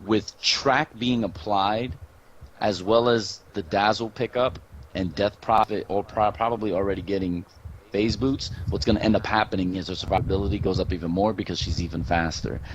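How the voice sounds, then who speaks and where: A man commentating an esports draft, confident and opinionated, talking in long run-on stretches. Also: sits low. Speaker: game caster. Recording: dull, slightly lo-fi mic with faint background hum.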